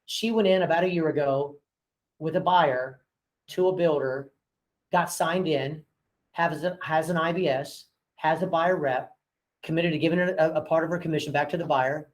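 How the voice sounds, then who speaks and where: A man's voice: on the high side, steady tone, normal speed, poor audio. A man, a real estate broker and owner, leading a casual training session for his agents and telling frank stories from work. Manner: storytelling, acting out phone calls with voices; frank, chatty, with many fillers.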